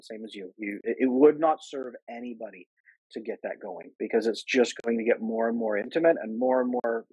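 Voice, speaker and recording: Husky-voiced man, earnest, over a livestream call. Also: medium pitch, a little mellow, dry recording, dull audio. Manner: earnest, many restarts and acted-out quotes. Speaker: guest, attachment coach. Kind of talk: casual interview chat. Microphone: video call. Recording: choppy livestream audio.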